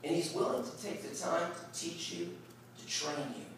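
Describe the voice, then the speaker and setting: A middle-aged man preaching a sermon, telling a story with lively animation, laughing and shouting at the high points. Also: moderate pace, very echoey, far from the mic, slight background noise, poor audio. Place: large hall at a retreat worship service.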